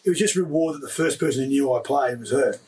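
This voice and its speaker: A man in his fifties, a former rugby league player, telling stories in an interview with emotional, animated delivery and frequent restarts. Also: mid-range voice, fast talker, recorded from a distance, rough recording. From Australia. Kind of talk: casual storytelling interview.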